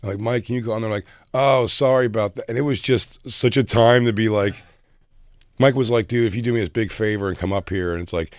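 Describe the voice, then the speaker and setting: A man's voice: lowish voice, brisk, no room sound, studio quality. A man telling a rambling story on a casual podcast, acting out what people said. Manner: rambling, animated, acts out quotes. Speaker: comedian.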